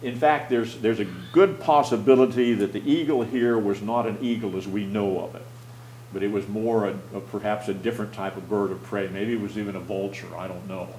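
A man's voice: lowish voice, fairly even intonation, darkish tone, slight background noise. Man teaching a Bible class in a roomy hall. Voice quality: halting, restarts phrases. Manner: plain, explanatory, asks the class questions.

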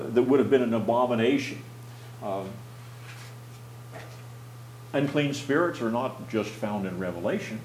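A mid-pitched man leads a Bible class, explaining plainly and pausing to question his listeners. He often restarts his phrases as he thinks. The sound is roomy, with a faint hum beneath. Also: darkish tone.

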